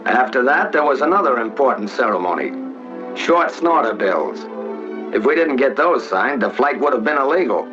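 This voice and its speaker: A man's voice: mid-range voice, lively intonation, normal speed. A man narrating a 1940s documentary as one of the flyers, in a wry, folksy, wisecracking manner. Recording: dull 1940s film soundtrack with music.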